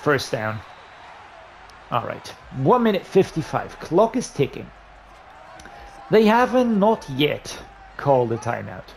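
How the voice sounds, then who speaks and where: A man giving gameplay commentary on a football video game, muttering low between plays and breaking into loud, frustrated outbursts. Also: big pitch swings, slow pace, gravelly, long pauses, a little hiss or hum. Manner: frustrated, ranting and swearing at the game. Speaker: gaming YouTuber.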